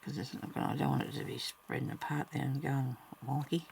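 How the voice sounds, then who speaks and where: A woman's voice: extremely low pitch, fairly even intonation, fast, gravelly, a little mellow, slight background noise. A woman talking along casually as she works on embroidery, muttering to herself and chatting to her viewers. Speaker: crafter narrating her embroidery work. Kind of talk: casual talk-along crafting vlog.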